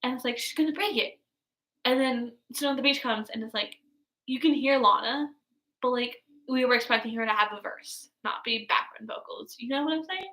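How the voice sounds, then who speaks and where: This music reaction vlogger, in her twenties, talks a little fast in a bright, pushed voice on the high side, chatting loosely about an album and leaning on lots of fillers. Her recording has an echoey room sound.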